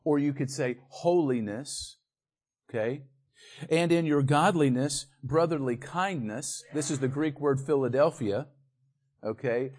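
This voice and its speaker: A man preaching a sermon, building to loud, emphatic peaks and then dropping back to quiet verse-by-verse teaching. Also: medium pitch, measured pace. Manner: walks the congregation through scripture verse by verse.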